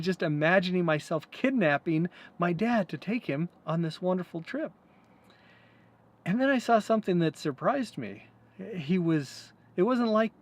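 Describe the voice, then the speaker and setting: A man hosting a vlog, earnestly and reflectively telling a personal story with some hesitant fillers. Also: fairly high pitch. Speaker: host.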